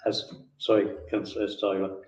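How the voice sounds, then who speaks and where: A man chairs a council committee meeting, moving briskly through procedure. His voice is low and steady with little rise and fall. He is picked up from across an echoey room on a dull, muffled mic. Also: distant mic, noisy background.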